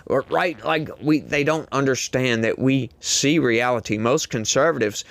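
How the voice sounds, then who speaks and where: A man delivers a sarcastic, rambling commentary on politics, heavy on filler words. His voice sits at an ordinary middle pitch and is recorded dry and close, with no room sound. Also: normal speed, gravelly, dry recording. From rural United States. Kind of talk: casual commentary monologue.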